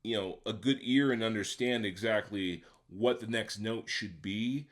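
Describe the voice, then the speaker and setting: A man with a somewhat low voice gives a casual walkthrough of how he produced a beat. He talks step by step with a few fillers and keeps checking in with the listener. He sounds like a home-studio producer recording a voice-over for his tutorial. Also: a little slow. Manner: conversational, checks in with the viewer by asking "right?".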